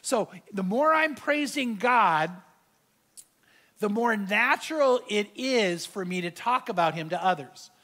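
A man's voice: high-pitched, animated, unhurried, bright, forceful tone. A middle-aged male pastor preaching a sermon, telling a personal story and acting out the quoted dialogue with animation.

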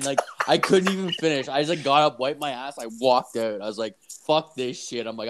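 A man's voice: mid-range voice, fairly quick, hardly any pauses. A young man with an ordinary mid-range voice rambles through a crude anecdote. He swears constantly and stacks fillers as he goes. The tone is loose, casual storytelling between friends. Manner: profane, rambling, animated storyteller.

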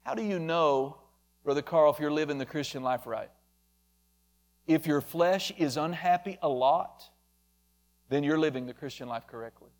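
A man's voice: on the high side, moderate pace, long pauses. A man preaching a sermon emphatically, calling out members of the congregation by name. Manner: emphatic, addresses listeners by name.

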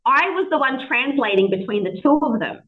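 A woman's voice: high voice, expressive, fairly quick. A woman with an Australian accent hosting a casual interview, chatty and full of anecdotes, heard over a video call. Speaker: podcast host. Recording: tinny phone-like call audio.

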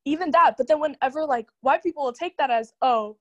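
Young woman guest, high voice, rapid animated casual talk, heavy "like" fillers. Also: lo-fi sound. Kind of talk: casual chat.

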